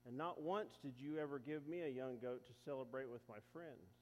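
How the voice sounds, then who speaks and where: A man's voice: medium pitch, normal speed, lightly acted. A man voicing a resentful young older brother who complains indignantly, in a reverberant hall. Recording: echoey hall.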